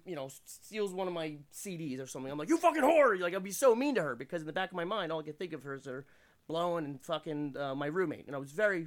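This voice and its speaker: Guy comedian from pennsylvania, rattling off crude rambly stories quick, voice sits a bit high. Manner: rambling, crude, self-deprecating anecdotes. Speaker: comedian guest. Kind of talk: casual podcast storytelling. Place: indoors room.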